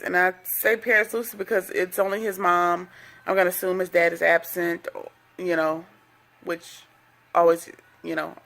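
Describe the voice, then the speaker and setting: A woman recapping a reality show episode in a loose, chatty way. Her voice carries a gravelly, creaky edge at a middle pitch, and she drops sassy, gossipy asides as she goes. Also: a bit bright. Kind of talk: casual episode recap commentary.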